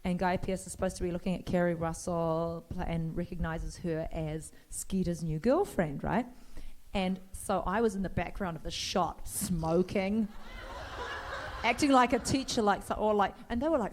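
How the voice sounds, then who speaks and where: A woman's voice: on the low side, normal speed, darkish tone. A middle-aged woman telling rambling, playful anecdotes as a guest on a convention stage, laughing often as she talks.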